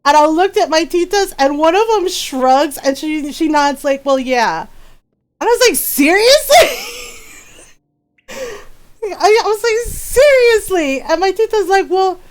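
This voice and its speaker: A woman game streamer telling a family story in a casual, animated way, laughing often and greeting chat. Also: extremely high pitch, moderate pace.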